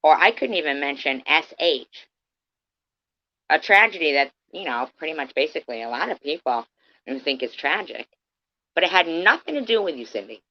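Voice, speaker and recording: A woman's voice: low voice, animated, normal speed, pauses often. A woman arguing on a livestream, defensively explaining herself. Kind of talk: heated livestream argument. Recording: muffled lo-fi stream audio.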